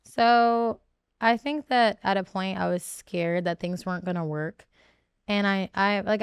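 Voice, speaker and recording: A young adult woman appears as a podcast guest, speaking candidly and emotionally in a smooth, resonant, mid-range voice. She rambles and restarts often in this interview talk, and the recording is dry and close with no room sound.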